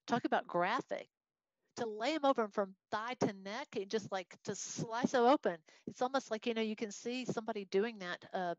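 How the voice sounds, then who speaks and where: Expressive woman teaching Bible study. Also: a little high, dry recording, highs cut off. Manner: expressive, conversational, reads scripture aloud.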